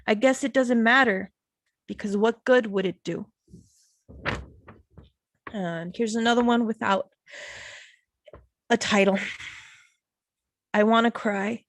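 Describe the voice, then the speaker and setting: A woman reading her own poetry at an online open mic from home, slow and measured, pausing between lines. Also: a little high, fairly even intonation.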